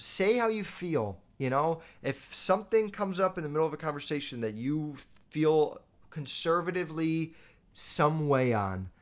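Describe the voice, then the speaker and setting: Blunt, swearing young man, slightly high voice. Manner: blunt and animated, swears constantly. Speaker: vlogger reading viewer comments. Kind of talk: casual unscripted monologue.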